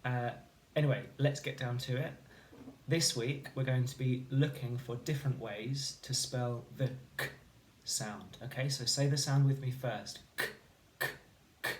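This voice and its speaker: A man teaching a phonics lesson to children, speaking clearly and encouragingly and sounding out letters slowly. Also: medium pitch, steady tone, reverberant, background noise. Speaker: primary school teacher.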